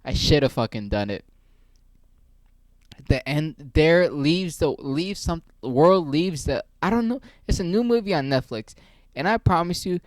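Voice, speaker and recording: A man rants casually about a movie in a profane, rambling, joking way. His voice sits fairly high for a man. The sound is dry and close. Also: no room sound. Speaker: channel host reviewing a movie.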